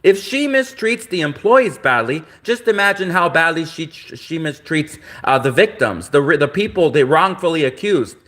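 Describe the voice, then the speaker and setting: Ranting Canadian man, somewhat high voice. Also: lively intonation, moderate pace, hardly any pauses, a bit bright. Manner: repetitive, indignant ranting. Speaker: livestreamer. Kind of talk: ranting livestream monologue.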